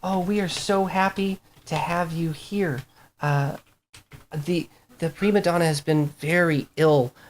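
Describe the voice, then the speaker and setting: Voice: medium pitch, fairly even intonation, measured pace, a little hiss or hum, close to an everyday voice. A game master voicing a timid, fussing female nursemaid who stammers and pleads. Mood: worried.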